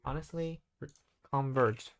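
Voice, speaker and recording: A man practicing vocabulary on his own, thinking aloud in a hesitant, halting way and correcting himself as he goes. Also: mid-range voice, gravelly, a little hiss or hum. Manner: hesitant, halting, constantly restarting and self-correcting. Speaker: English learner.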